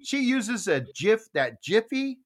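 A male morning-show co-host chats in a folksy, meandering way. His speech is full of "uh"s and restarts. His pitch rises and falls a lot. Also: very animated, slow. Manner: folksy, rambling, many fillers. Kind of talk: casual morning show chat.

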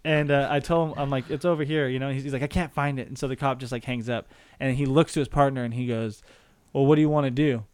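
A young man telling a story in casual chat, animated and swearing, acting out the people in it. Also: medium pitch, fast talker, clear, resonant tone, dry recording. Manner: animated storytelling, acts out voices, swears and laughs a lot.

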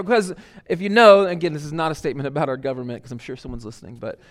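A man's voice: on the high side, fast, fairly bright tone. A man preaching a sermon as lead pastor, conversational with many fillers and restarts.

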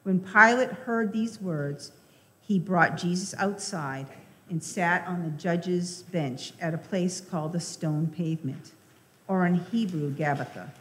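A woman lector giving a measured, deliberate scripture reading. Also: lowish voice, a bit bright. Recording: reverberant church hall.

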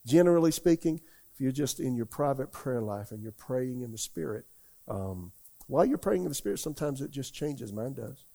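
A man's voice: mid-range voice, expressive, brisk, creaky, dark tone. An older man preaching a folksy, rambling sermon in a church, often asking the congregation questions. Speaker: pastor. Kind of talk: conversational sermon.

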